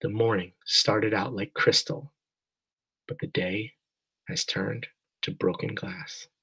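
A man reading a first-person audiobook narration in a quiet, inward, mournful way. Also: lowish voice, steady tone, slow, creaky, husky, low-quality recording.

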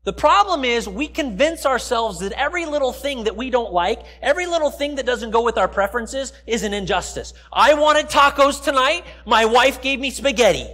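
A man with a very high-pitched voice delivers a sermon in a church. His preaching is conversational and down to earth, and he slips into the voices of the people he quotes. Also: lively intonation, normal speed, few pauses, pushed and bright. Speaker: pastor. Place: church sanctuary.

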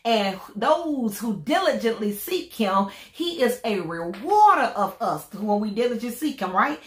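A woman's voice: on the high side, big pitch swings, measured pace, roomy sound. A woman vlogging about her faith through illness, in some pain, talking in a repetitive, preachy way and chanting her sign-off lines. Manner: preachy, repetitive, sings out catchphrases. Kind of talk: casual faith-filled vlog chat.

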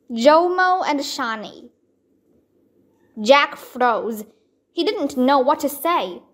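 A woman reading a children's chapter book aloud, slowly and clearly. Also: high-pitched, a bit bright. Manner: slow, clear, careful reading. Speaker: read-aloud storyteller.

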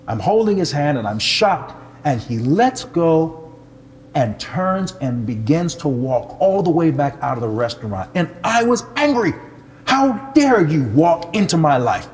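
An older man, a pastor, telling a personal testimony in an animated, humorous way and poking fun at himself. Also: mid-range voice, a little hiss or hum. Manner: animated, humorous, self-deprecating storyteller.

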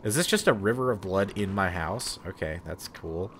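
A man's voice: low voice, normal speed, slight background noise. A man doing profane, joking commentary over a video game he is playing. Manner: profane, excitable, sarcastic jokes while playing. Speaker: let's play commentator. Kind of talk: gameplay commentary.

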